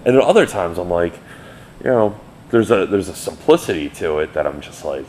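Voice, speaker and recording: In his forties, a band member recounts old studio stories in a casual storytelling interview, profane and rambling but animated. His voice is low and moderately paced, with a little hiss or hum in the recording.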